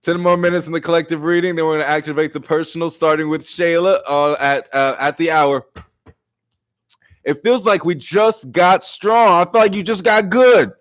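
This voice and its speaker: A man giving a live-streamed collective tarot reading. He talks casually, jokes in slang and swears, and often swings his voice high and loud to act out little exchanges. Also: moderate pace. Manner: animated and profane, acts out exchanges with big jumps in pitch and loudness; slangy and joking. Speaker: tarot reader.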